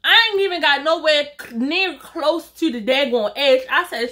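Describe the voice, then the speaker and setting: A woman YouTuber telling a storytime vlog in an animated, chatty way, talking straight to her viewers and swearing casually. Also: high-pitched, moderate pace, hardly any pauses.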